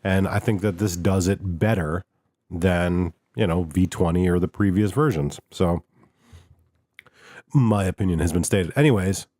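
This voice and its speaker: A man co-hosting a podcast in a relaxed, casual chat, often using filler words. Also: sits low, measured pace, dry recording, studio quality. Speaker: podcast co-host.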